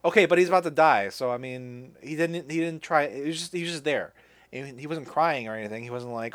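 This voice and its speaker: A man's voice: mid-range voice, brisk, a bit bright. A man hosting a podcast, casually recapping a movie with lots of restarts and offhand swearing. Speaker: podcast host. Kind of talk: casual chat.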